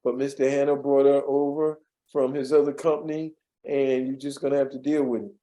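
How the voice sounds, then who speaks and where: A man speaking as an interview guest, his voice medium in pitch and a little fast. He tells casual stories from an old workplace, chuckling often, acting out the voices of the people he quotes, and repeating words as he recalls details.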